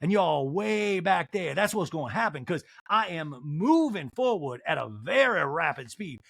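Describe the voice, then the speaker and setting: A man's voice: fairly high pitch, big pitch swings, creaky, fairly bright tone, full character voice. A man doing a grandiose self-assured socialite. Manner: slow, grandiose, declamatory.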